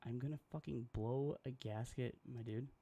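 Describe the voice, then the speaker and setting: A young man live-streams while designing graphics, muttering to himself in a casual, profane manner and getting frustrated easily. His mid-range voice is warm and slightly rough, at a normal speed.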